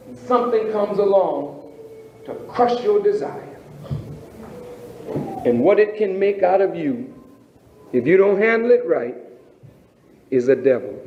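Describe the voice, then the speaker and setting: A man preaching as a minister, emphatic, with rhetorical questions and drawn-out phrasing. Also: sits high, a little mellow, a little hiss or hum. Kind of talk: sermon. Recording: roomy, dull lo-fi recording.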